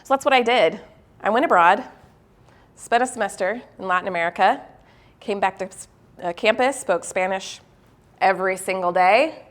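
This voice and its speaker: Lively and laughing frequently, this woman mocks herself in a story during a motivational keynote at a university. Afterward she slows her delivery, lowering her voice earnestly to share the lesson.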